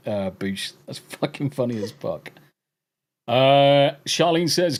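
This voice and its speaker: English man, podcast host, profane jokey banter, lively pitch. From England. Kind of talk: casual chat with live viewers.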